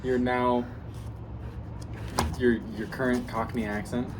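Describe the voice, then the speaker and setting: A man's voice: medium pitch, level tone, takes it slowly, rough recording. Young man teasing his friend. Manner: teasing, dry ribbing. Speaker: co-host of a script reading video. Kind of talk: casual banter. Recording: noticeable background noise.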